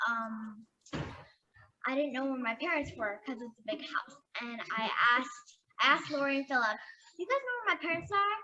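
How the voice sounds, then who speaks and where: A woman telling a lighthearted memory at a memorial, animated and laughing along as she goes. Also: sits high, highs cut off, background noise. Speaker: mourner sharing a funny memory. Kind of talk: memorial anecdote.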